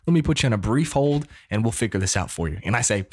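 A man in his thirties from the United States, telling a story casually in an animated, preacher-like way. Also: mid-range voice, fast talker, few pauses. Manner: animated, preacher-like call-and-response.

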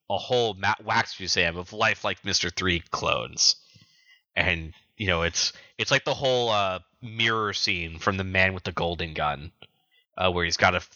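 A man's voice: sits low, bright, forceful tone, no room sound, dull audio. A man co-hosting a podcast, casually retelling story events and acting out the characters' lines. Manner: quick retelling with acted-out quotes. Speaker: podcast co-host. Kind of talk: casual recap chat.

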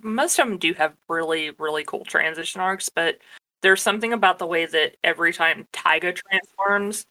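Bright-voiced emphatic young woman. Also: lowish voice, normal speed. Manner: emphatic, swears casually, frequent laughter. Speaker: podcast co-host. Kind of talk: casual chat.

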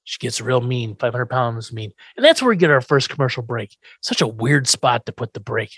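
A man's voice: mid-range voice, expressive, moderate pace, fairly bright tone, slightly rough, no echo, clean studio sound. A man co-hosting a podcast, recapping an old sitcom episode in casual, profane chat and acting out the characters' lines. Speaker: podcast co-host.

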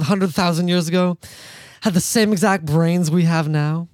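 A man's voice: sits high, a little slow, a little mellow, no echo. A man hosting a podcast in casual chat, sardonic and rambling, laughing often. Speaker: podcast host.

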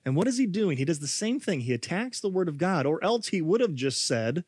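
Conversational, high-voiced male preacher. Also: fairly quick, hardly any pauses, slightly rough, no room sound. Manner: conversational, animated, rhetorical questions. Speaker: pastor. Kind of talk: sermon.

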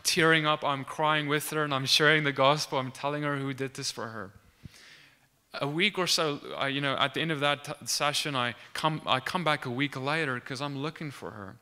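A man's voice: medium pitch, bright, forceful tone. A young man earnestly telling a faith testimony from his student days, acting out the dialogue and often restarting his sentences. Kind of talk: animated testimony storytelling.

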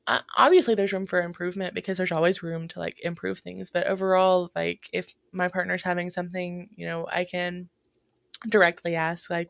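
Low-voiced woman in reflective chat. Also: level tone, brisk, creaky, dry recording. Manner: reflective, many "like" fillers and restarts. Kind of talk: casual chat.

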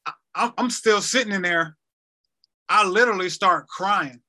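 Man, 30s, podcast guest; high, very bright voice; halting, repetitive retelling. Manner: halting, repeats words, retells quotes. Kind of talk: emotional personal story.

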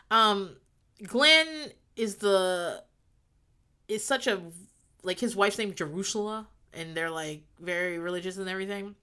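Bright-voiced rambling woman recapping a sitcom. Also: mid-range voice, unhurried. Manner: rambling, laughs often, acts out characters' lines. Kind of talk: casual chat recapping a sitcom.

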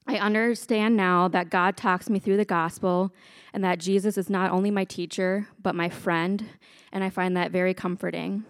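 A woman's voice: medium pitch, steady tone, moderate pace, no echo, studio quality. A woman earnestly giving a personal testimony of her faith. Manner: sincere, earnest.

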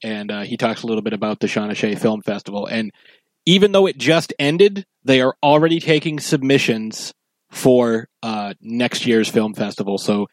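A man co-hosting a casual horror podcast, easygoing and full of "uh"s. His voice sits at a middling pitch. The sound is dry and close to the mic. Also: moderate pace, dry recording. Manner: relaxed, filler-heavy with frequent "uh". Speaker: podcast co-host.

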